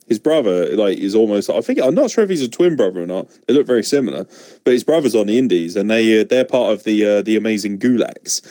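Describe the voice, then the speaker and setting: Animated, sarcastic ranting man. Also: fairly low pitch, fast, no room sound. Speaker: podcast co-host. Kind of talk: casual wrestling review chat.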